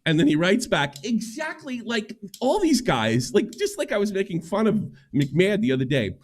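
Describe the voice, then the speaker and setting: A man's voice: big pitch swings, normal speed. A middle-aged man ranting on a livestream, profane and heated. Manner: ranting, profane, swings pitch widely. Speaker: streamer.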